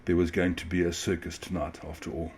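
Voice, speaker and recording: A man reading a children's story aloud in a gentle, expressive way. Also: low-pitched, fast talker, husky. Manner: gentle, expressive, occasional restarts.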